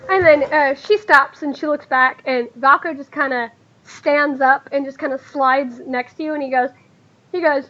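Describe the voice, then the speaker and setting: High-voiced woman game master. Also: steady tone, normal speed, pushed and bright. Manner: casual, filler-heavy narration. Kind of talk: narrating a tabletop game. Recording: dull lo-fi sound.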